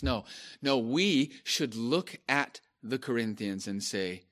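A man preaching a sermon, slow and emphatic, repeating phrases and rising to stress key points. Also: mid-range voice, animated, a bit bright.

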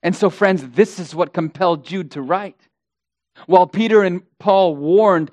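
A man's voice: high voice, measured pace, darkish tone, dry recording. A male pastor preaching an impassioned sermon, hammering points through repetition and addressing the congregation as beloved.

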